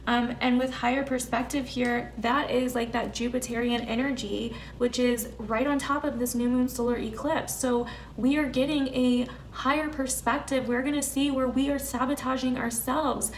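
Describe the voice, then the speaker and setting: A woman's voice: fairly high pitch, fairly even intonation, moderate pace, few pauses, slight background noise. A young woman giving an earnest, emphatic tarot reading to camera in a casual way, full of "like" and "you know". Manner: earnest, emphatic, filler-heavy. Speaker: tarot reader.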